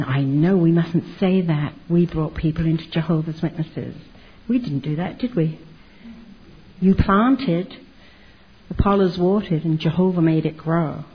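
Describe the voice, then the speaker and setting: A woman's voice: mid-range voice, breathy edge. An older woman giving a chatty, humorous personal testimony about her life. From Canada. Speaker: testimony speaker. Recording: dull lo-fi recording.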